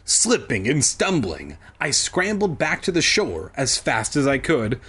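A man's voice: mid-range voice, huge pitch swings, unhurried, few pauses, a bit bright, slightly rough. A man reading a kids' book aloud for laughs, breaking off into profane, self-deprecating asides.

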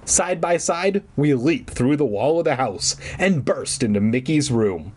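A man's voice: medium pitch, animated, measured pace, a little mellow, a little hiss or hum. A man reading a children's horror book aloud, breaking off for irreverent, swearing jokes. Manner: irreverent, swearing, joking asides. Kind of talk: comedic book reading with asides.

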